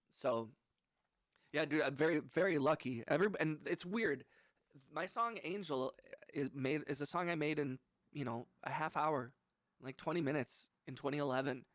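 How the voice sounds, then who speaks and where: A man's voice: on the high side, normal speed, fairly bright tone, no room sound, clean studio sound. A young man, a music producer, chatting casually on his livestream in a laid-back, rambling, slangy way. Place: home music studio. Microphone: studio microphone.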